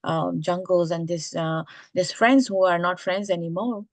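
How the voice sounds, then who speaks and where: A woman voicing a young man, a devoted lover, who speaks in a soft, reassuring, confident way. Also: fairly low pitch, unhurried, dry recording.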